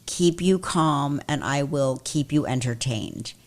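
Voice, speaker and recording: A woman's voice: very deep voice, slow pace. A middle-aged woman hosting a casual podcast chat, teasing and emphatic. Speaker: podcast host.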